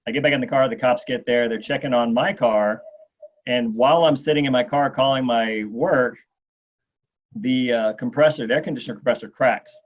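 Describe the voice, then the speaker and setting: A man in his forties, a guest telling a long anecdote in an interview, animated and acting out what others said. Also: mid-range voice, normal speed. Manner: animated storyteller, acts out quotes. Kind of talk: storytelling in an interview. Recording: dull lo-fi sound.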